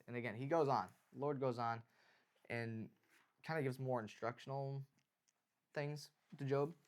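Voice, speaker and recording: A man in the middle of a relaxed Bible study podcast chat, mid-range pitch, reading passages aloud. He talks animatedly, with plenty of fillers and restarts along the way. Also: measured pace, long pauses. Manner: animated, reads scripture aloud with frequent laughs and fillers. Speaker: podcast co-host.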